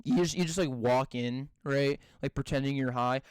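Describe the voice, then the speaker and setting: A young man co-hosting a podcast, chatting casually and swearing a lot while telling animated stories. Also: on the high side, moderate pace, hardly any pauses, clean tone, no echo, low-quality recording. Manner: profane, animated storytelling with mock voices. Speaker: podcast co-host. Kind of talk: casual chat.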